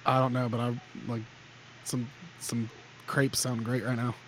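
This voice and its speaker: A man's voice: mid-range voice, level tone, unhurried, fairly bright tone, a little hiss or hum. A man hosting a gear podcast, chatting casually in a rambling, joking way with frequent restarts. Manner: rambling, jokey, restarts often. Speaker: podcast host. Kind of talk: casual chat.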